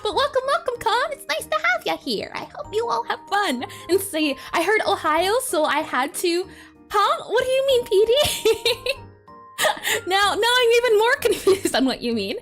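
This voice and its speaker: A woman's voice: very high-pitched, sing-song, moderate pace, a bit bright, faint music behind. A woman streamer chatting casually on a livestream, bubbly and giggly, doubling up her greetings.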